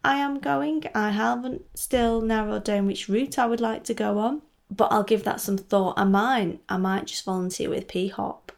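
This solo knitting podcast comes from a woman's home in Scotland, where she chats casually and wanders off into frequent asides. She speaks at a moderate pace in a medium-pitched, steady, creaky voice.

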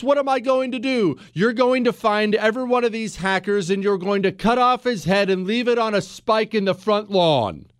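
A man's voice: high-pitched, fairly bright tone, clear, resonant tone, no room sound, studio quality. A man hosting a radio talk show, delivering a fired-up political monologue full of rhetorical questions. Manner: heated, emphatic, rhetorical questions.

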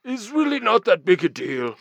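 A woman's voice: medium pitch, big pitch swings, normal speed, creaky, no room sound, pitched above the performer's own voice. A podcast co-host putting on the voice of a doddering old male headmaster making a mock-grand speech. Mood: deadpan.

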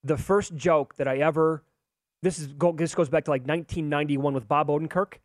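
A man hosting a sports betting talk show, teasing his co-host in quick banter. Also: a little high, fairly even intonation, dry recording, clean studio sound.

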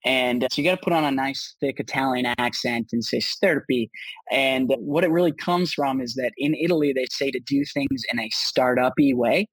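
A man's voice: mid-range voice, brisk, hardly any pauses, breathy edge, no room sound, rough recording. A man, a startup founder being interviewed, answering in an upbeat casual way with many restarts and fillers.

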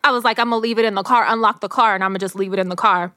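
A woman's voice: mid-range voice, fairly even intonation, racing, bright, forceful tone, no room sound. A young woman co-hosting a casual chat in a studio, profane and teasing, laughing often. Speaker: podcast co-host.

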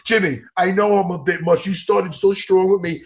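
A man hosting a podcast in casual chat, excitable and animated, laughing often and acting out what others said. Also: high-pitched, moderate pace, noisy background. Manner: animated, excitable, laughs a lot, acts out impressions loudly. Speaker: podcast host.

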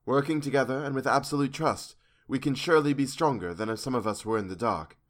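A man reading the lines of a brave, earnest young woman, gentle yet resolute, in formal old-fashioned speech. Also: medium pitch, quick pace, lightly acted.

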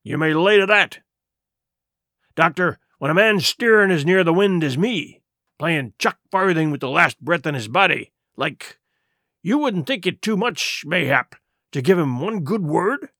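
A man voicing a wily old male pirate who pleads in rough sailor's dialect. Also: fairly high pitch, lively intonation, unhurried, pushed and bright, dry recording, studio quality, full character voice. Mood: pleading.

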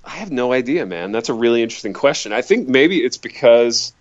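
A man's voice: mid-range voice, animated, fairly quick. A man in his thirties co-hosting a podcast, talking in a laid-back, agreeable way. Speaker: podcast co-host. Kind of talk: casual chat. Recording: slightly dull lo-fi sound.

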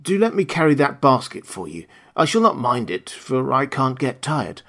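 A man doing a husky, earnest scarecrow. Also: medium pitch, very animated, normal speed, fairly bright tone, voice pushed up. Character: husky-voiced friendly male scarecrow, simple and earnest.

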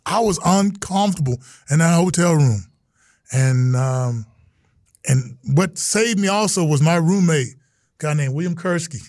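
A middle-aged man from Texas, a retired football player, telling stories as a guest in an animated, exclaiming way. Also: a little high, a little slow, no echo, studio quality. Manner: animated, exclaiming, acts out quotes. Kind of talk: storytelling in casual chat.

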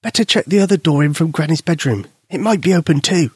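A man's voice: a little high, lively intonation, fast, slightly rough, no echo, clean studio sound, voice pushed up. A man voicing a little boy, an imaginary friend who warns and teases, in a children's story. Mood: cautious. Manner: warning, teasing tone.

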